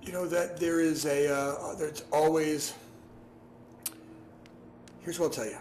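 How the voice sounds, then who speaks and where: A man giving casual advice to a class over a video call, animated and repetitive, often acting out his own past thoughts. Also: a little high, takes it slowly. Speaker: guest speaker. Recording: echoey room, faint noise.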